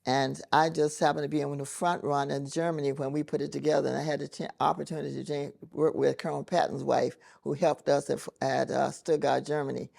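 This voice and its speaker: A woman's voice: sits low, little pitch movement, fairly quick, gravelly, few pauses, a little mellow. A woman, an Army veteran, reminiscing casually in an interview. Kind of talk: storytelling interview.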